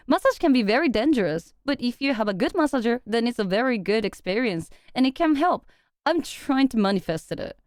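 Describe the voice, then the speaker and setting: Young woman streamer, bright high voice that swings up and down, dry close mic, chatty, profane and giggly. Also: dry recording. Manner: animated, laughs often, swears for effect, slips into quick Japanese phrases. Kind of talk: casual chat with viewers.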